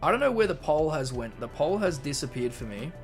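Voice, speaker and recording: A man's voice: a little high, very animated, fairly quick, faint music behind. A young Australian man chatting casually on a live stream, reading out chat messages and rambling through stories.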